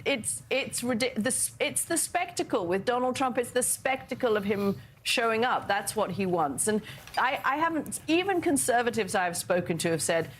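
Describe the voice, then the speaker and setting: A woman's voice: on the high side, expressive, moderate pace, a little hiss or hum. A woman panelist offering sardonic, ironic political commentary.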